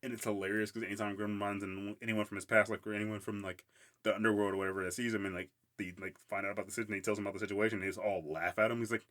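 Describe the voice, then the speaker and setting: A man's voice: on the low side, little pitch movement, rapid-fire, fairly bright tone. A man hosting a casual solo podcast, rambling about a cartoon with lots of filler words and frequent laughs. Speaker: podcast host.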